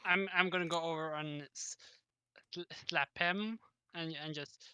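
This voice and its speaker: Slow, bright, crisp hesitant player. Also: medium pitch, steady tone, no echo. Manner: halting, stumbling over words.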